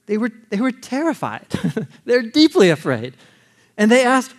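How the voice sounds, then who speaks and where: Lively high-voiced man preaching. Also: unhurried. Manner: lively, jokey, chuckles often, addresses listeners directly. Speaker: Bible teacher. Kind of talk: animated sermon teaching.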